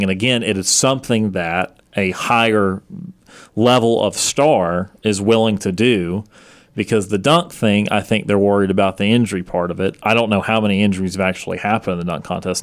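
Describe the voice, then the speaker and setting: Low-voiced man talking sports casually. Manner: conversational, thinking aloud. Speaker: sports talk show host.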